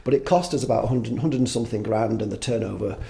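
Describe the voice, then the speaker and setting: Gravelly, mellow-voiced man in his fifties. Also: mid-range voice, fast. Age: 50s. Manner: rambling, swears freely, self-deprecating. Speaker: podcast guest. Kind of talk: casual conversation.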